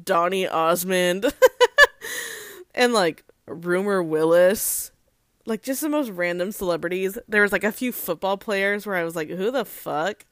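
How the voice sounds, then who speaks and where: A chatty woman hosts casual celebrity gossip and fills her talk with "like," swearing and laughing asides. Her voice sits at a middle pitch. It sounds dry and close to the mic. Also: big pitch swings, measured pace, no echo. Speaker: host.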